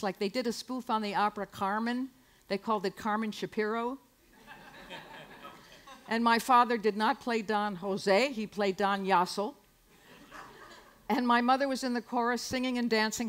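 A woman's voice: on the high side, a bit bright. A woman in her sixties from San Francisco, performing a wry, self-mocking comic monologue on a live club stage into a stage microphone. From San Francisco, United States.

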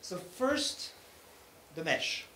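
A man's voice: very slow, bright, forceful tone. A man giving a technical conference talk, explaining things step by step and often checking in with the audience. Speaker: conference speaker. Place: conference hall. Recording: echoey hall with faint room noise.

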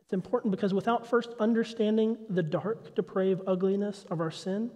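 Male pastor, 30s, high voice, lively story-driven sermon in a reverberant sanctuary. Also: normal speed. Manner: animated storytelling, acts out his son's confused voice. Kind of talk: sermon with personal stories. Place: church sanctuary.

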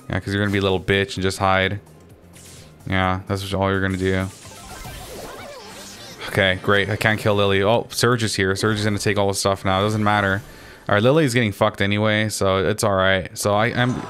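Young man, low voice, frustrated gameplay commentary, lots of swearing, faint game music behind. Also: fairly bright tone. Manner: frustrated, swearing, ranting at opponents; restarts and fillers, rises in pitch when agitated. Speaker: gaming commentator. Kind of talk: casual mobile gameplay commentary.

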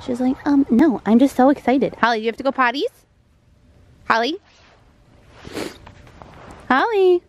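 A young woman vlogging casually at home, bubbly, often switching to high baby talk with her dogs. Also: lively intonation, moderate pace, pauses often, dull audio, slight background noise. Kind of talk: casual vlog chat. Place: home, indoors and out in the snow.

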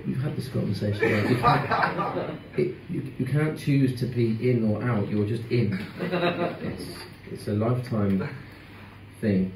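A man's voice: medium pitch, animated, a little slow, noisy background. A singer-songwriter chatting and joking easily with his audience between songs at a live club gig. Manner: easygoing, joking banter with the audience. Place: live music club, on stage before an audience. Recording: roomy live club sound, distant mic, loud guitar.

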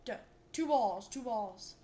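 Young female gamer, a bit high-pitched, excitable, with a faint hiss behind her. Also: slow pace. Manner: excitable, exclaims and repeats herself. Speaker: gameplay video host. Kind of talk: playing and reacting to a game.

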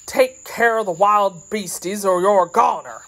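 A woman voicing a gruff, blunt old male farmer from the country. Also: mid-range voice, a little slow, a bit bright. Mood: alarmed. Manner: blunt, rustic.

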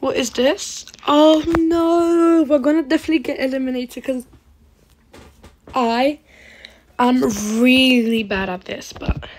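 A woman with a fairly high voice gives a casual play-by-play as she games. She talks at an unhurried, drawn-out pace, chatty and dramatic, often turning to address her viewers directly. A faint hum sits under her voice. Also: fairly even intonation. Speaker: gaming channel host. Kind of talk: casual gameplay commentary.

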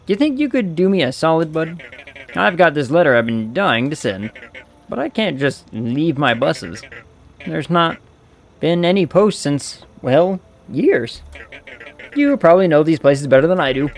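A man's voice: a little high, very animated, a little slow, pitched above the performer's own voice. A man voicing a friendly, chatty male bus depot keeper who rambles in a folksy way, read aloud from a video game.

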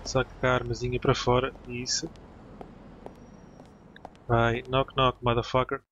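Casual Portuguese-accented gamer commentating. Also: male voice, mid-range voice, monotone, normal speed, pauses often, fairly bright tone, dry recording, dull audio. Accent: European Portuguese. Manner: chatty and swearing, reacting to the game. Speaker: gaming channel host. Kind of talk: casual let's play commentary.

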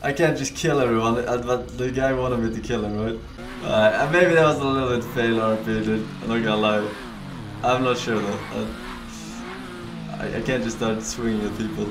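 A man giving casual commentary while playing a roleplay game, excitable and quick to laugh. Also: medium pitch. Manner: excitable, laughs often, swears in surprise. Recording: echoey far-off mic with loud background noise.

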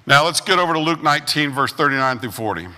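A man preaching a sermon as pastor, telling stories with acted-out quotes and lively swings in delivery. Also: on the high side, fast talker, long reverb tail. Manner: animated storytelling with acted-out quotes. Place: church sanctuary.

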